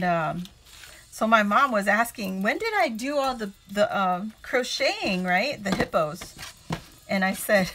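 A woman chats her way through a home crafting livestream at an unhurried, easy pace. She laughs often and greets each viewer by name as she works. Her voice sits at an ordinary middle pitch for a woman. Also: noisy background. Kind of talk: casual livestream chat while crafting.

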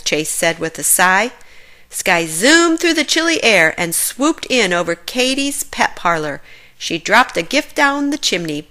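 A woman reads a children's picture book aloud in a clear, expressive way. Her voice is very bright and forward, and she keeps the story moving for young listeners. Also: medium pitch, measured pace. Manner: clear, expressive reading for kids. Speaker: storybook reader.

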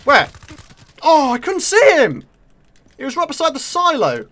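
A man with a British accent commentating live on his own gameplay, excitable and taunting his opponents. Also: very high voice, measured pace. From Britain. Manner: excitable, talks to opponents and viewers. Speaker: gaming video creator.

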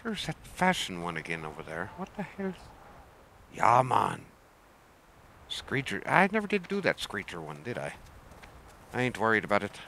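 Lively pirate-talking gamer man. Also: fairly low pitch, normal speed, gravelly, pauses often, a little hiss or hum. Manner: playful pirate talk, keeps saying "arr" and "I swear". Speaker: gaming streamer. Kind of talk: casual gameplay commentary.

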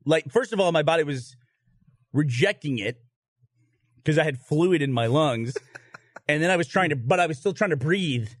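Lebhafter Mann erzählt fluchend eine Anekdote. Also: male voice, a little high, normal speed, long pauses, no room sound, studio quality. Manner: animated, swears, laughs through his own story. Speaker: podcast host telling a story. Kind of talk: casual storytelling chat.

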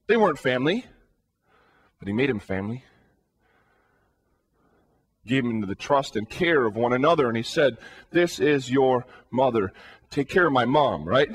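A man's voice: medium pitch, very animated, moderate pace, pauses often, breathy edge. A man preaching a sermon in an earnest way, asking the listeners questions and often repeating words as he builds a thought.

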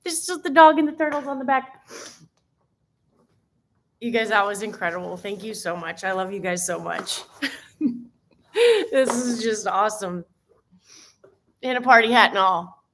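A woman's voice: mid-range voice, expressive, measured pace, long pauses, fairly bright tone, slight background noise. A woman hosting a casual live stream, teary and gushing, exclaiming and laughing as she chats with viewers. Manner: gushing, exclaims often, laughs between lines. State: teary, emotional. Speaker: fitness live-stream host.

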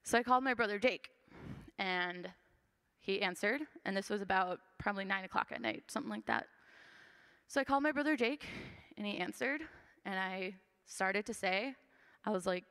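A woman's voice: medium pitch, moderate pace, fairly bright tone, clear, resonant tone. A woman in her twenties gives a personal testimony in a church, talking earnestly and conversationally with plenty of fillers. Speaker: church member giving testimony. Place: church sanctuary. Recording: long church hall reverb.

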